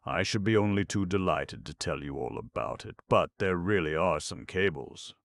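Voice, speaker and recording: A deep-voiced man reading a flustered male secretary. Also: lively intonation, moderate pace, gravelly, dry recording, studio quality. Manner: flustered, hesitant, stammering. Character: nervous evasive middle-aged male secretary.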